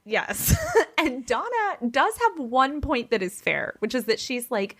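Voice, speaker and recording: A woman's voice: high voice, unhurried, hardly any pauses. A woman hosting a podcast, casually telling a family gossip story and acting out the people in it, saying "like" a lot. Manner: animated storyteller who acts out the people in her story; chatty, heavy use of "like". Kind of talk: casual chat.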